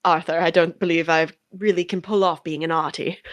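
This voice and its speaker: A woman voicing a polite, stiff older British man with a British accent, talking quietly. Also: on the low side, steady tone, brisk, clear, resonant tone, no echo, muffled recording, natural voice.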